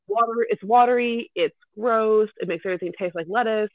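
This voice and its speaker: A woman telling a rambling story in casual podcast chat, animated and full of restarts. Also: fairly high pitch, fairly quick, dry recording. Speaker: kindergarten teacher. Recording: dry, tinny phone-like sound.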